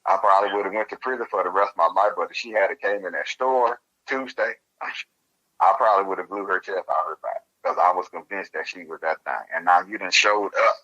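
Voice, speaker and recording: A deep-voiced man, recounting events casually and with animation. His tone is bright and forceful. The audio is dull and lo-fi. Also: brisk. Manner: animated, laughs while telling the story. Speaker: interview guest. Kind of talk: casual storytelling.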